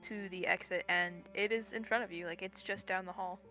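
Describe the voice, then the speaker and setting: A woman's voice: on the low side, steady tone, brisk, bright, forceful tone. A woman playing a tabletop role-playing game, chatting bluntly and casually with some swearing. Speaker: tabletop player. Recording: faint music behind.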